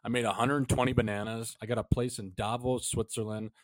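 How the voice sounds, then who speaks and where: A man's voice: mid-range voice, level tone, a little fast, no echo. A man hosting a hockey podcast, joking and swearing in casual chat. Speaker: podcast host.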